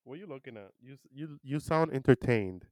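A man co-hosting a podcast in relaxed casual chat, prompting his co-host along. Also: medium pitch, a little fast, no echo.

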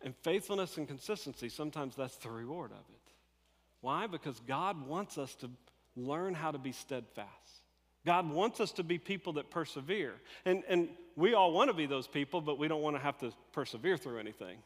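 A man delivers a sermon, retelling a Bible story in a casual, animated way and slipping into the characters' voices. His voice sits on the higher side for a man. A long reverb trails each phrase, as in a large hall. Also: moderate pace. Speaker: pastor.

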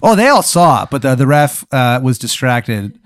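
A man's voice: mid-range voice, big pitch swings, moderate pace, no echo, clean studio sound. A man spinning an improvised comic hypothetical, rambling and profane, full of fillers. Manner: rambling, profane, lots of fillers and silly voices. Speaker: podcast host posing a hypothetical. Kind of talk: improvised comedic storytelling.

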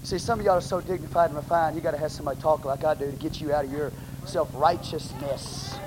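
A man with a Texan accent, preaching a sermon as pastor in a blunt, plain-spoken way, bursting into shouts. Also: a little high, steady tone, fast. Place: church sanctuary. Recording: noisy live church recording.

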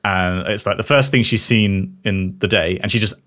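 A man's voice: fairly low pitch, moderate pace. A young man from England co-hosting a casual podcast chat, laughing often and joking. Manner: animated, laughs often, jokey. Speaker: podcast co-host.

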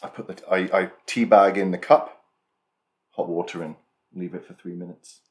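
A man's voice: sits low, steady tone, moderate pace. A man co-hosting a podcast in casual chat, dry and teasing, quizzing his co-host.

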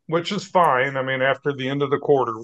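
A man's voice: medium pitch, steady tone, brisk, fairly bright tone. A man co-hosting a casual podcast over a video call, wry and profane, laughing often. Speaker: podcast co-host. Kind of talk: casual chat.

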